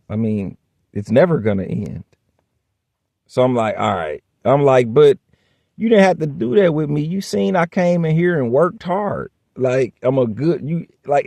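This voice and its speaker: A man's voice: a little high, gravelly, mellow, no room sound, clean studio sound. Blunt man telling a workplace story. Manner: blunt, profane, acts out dialogue. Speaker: vlogger. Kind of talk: casual storytelling.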